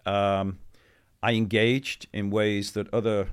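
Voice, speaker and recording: A middle-aged man, a guest in an interview, telling anecdotes in a chatty, animated way with many asides. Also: lowish voice, slow pace, clear, resonant tone. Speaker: interview guest, former football club CEO. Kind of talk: conversational storytelling.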